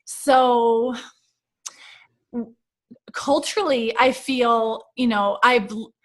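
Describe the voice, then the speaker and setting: An American woman hosting a relaxed conversation, her voice sitting on the higher side. She tells stories with lively, emotional energy and plenty of fillers. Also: very slow. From United States. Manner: animated, emotional storytelling. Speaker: host. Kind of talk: casual podcast chat.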